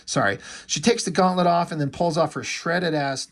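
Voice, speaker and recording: A man's voice: on the high side, normal speed. A man casually recapping a comic book issue, chatty and loose, swearing now and then and acting out what the characters say.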